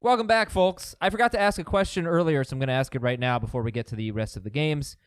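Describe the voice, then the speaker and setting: A man hosting a casual sports chat show in a studio, quick and questioning as he steers his panel. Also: on the high side, noisy background. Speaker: show host.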